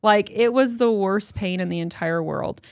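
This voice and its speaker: A young adult woman hosting a podcast tells a personal story in casual conversation, animated and full of fillers and quotes. Her mid-range voice is creaky yet smooth at normal speed, in clean studio sound with no room noise.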